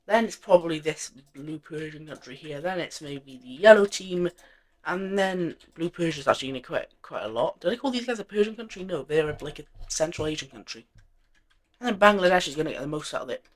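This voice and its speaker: A man's voice: fairly high pitch, animated, fairly quick. A man narrating an alternate-history map in a casual, rambling way, full of fillers and offhand self-corrections.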